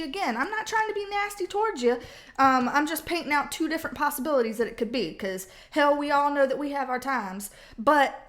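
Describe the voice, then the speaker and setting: High-voiced, blunt, slangy woman. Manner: slangy, blunt, swears freely. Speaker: tarot reader. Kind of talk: casual tarot reading. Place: home with a cat.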